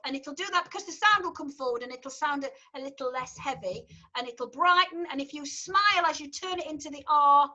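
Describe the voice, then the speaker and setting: A woman with a Yorkshire accent coaching a choir. Her voice sits high and sounds bright and clear. She talks in a chatty, encouraging way, explaining things step by step. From Yorkshire, England. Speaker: choir leader. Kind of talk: online rehearsal instruction.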